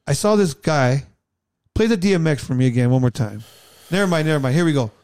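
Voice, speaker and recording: A man's voice: fairly high pitch, animated, fast talker, darkish tone, clear, resonant tone, no room sound, clean studio sound. A middle-aged man chatting casually as a podcast co-host, telling rambling stories with many restarts. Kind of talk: casual chat.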